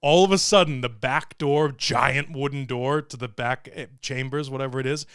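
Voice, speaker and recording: A smooth, clear-voiced man tells a long story to his livestream viewers. He jokes, swears freely and acts out the other people's lines, and the sound is dry and close. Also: medium pitch, normal speed, no room sound. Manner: animated, profane, joking. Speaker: show host.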